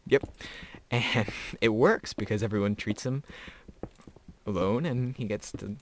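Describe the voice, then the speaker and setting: A man's voice: fairly low pitch, unhurried, slight background noise. A teenage boy giving casual, rambling gameplay commentary, chatty and often breaking into laughter. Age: teens. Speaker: gamer.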